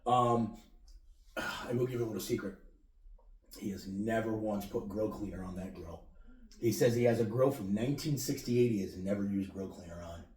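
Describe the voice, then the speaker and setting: A man's voice: fairly low pitch, normal speed, a little mellow, roomy sound, recorded from a distance. A man co-hosting a podcast, telling crude, joking, nostalgic stories in casual chat. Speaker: podcast co-host.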